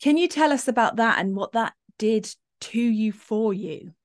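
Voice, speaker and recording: A woman hosting a casual interview, responsive and quick to react. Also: on the high side, expressive, no room sound, studio quality. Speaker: podcast host.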